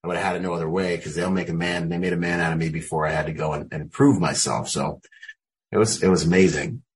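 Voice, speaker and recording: A man in his forties, a Marine combat veteran and interview guest, telling animated war stories on a video call from home and dropping "man" and "you know" throughout. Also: deep voice, quick pace, slight background noise. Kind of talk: casual storytelling on a video call.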